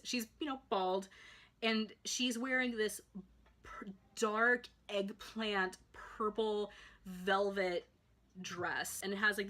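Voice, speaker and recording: A young woman vlogging a casual storytime, chatty and excitable, with lots of fillers and restarts. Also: mid-range voice.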